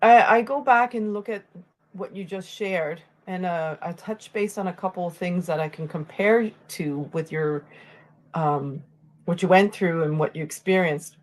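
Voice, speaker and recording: Low-voiced woman hosting an earnest talk. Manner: earnest, halting, with many fillers. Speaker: podcast host. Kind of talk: conversational interview.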